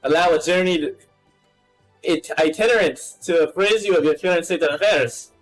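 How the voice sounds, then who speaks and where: A man's voice: a little high, moderate pace, soft background music, close to an everyday voice, poor audio. A man reading aloud a wordy, boastful game character in a put-on Scottish accent, stumbling over long words. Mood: theatrical. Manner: flowery old-fashioned speech, stumbling over words.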